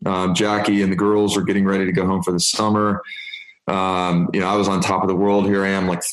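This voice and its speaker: A man in his fifties tells stories as an interview guest, playing out quoted dialogue with lively energy. His voice sits low. The room gives it a roomy echo. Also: a little fast. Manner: animated storyteller, acts out quoted dialogue. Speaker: interview guest, business executive. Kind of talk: storytelling interview.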